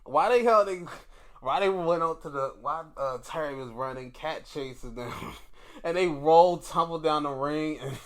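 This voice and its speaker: A young man giving a casual, animated solo recap, laughing often and acting out quotes in put-on voices. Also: a little high, unhurried. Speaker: wrestling review host.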